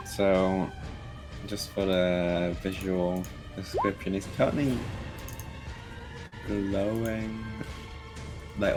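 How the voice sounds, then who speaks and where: A man playing a tabletop role-playing game, describing his character's actions at an unhurried pace. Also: deep voice. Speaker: player.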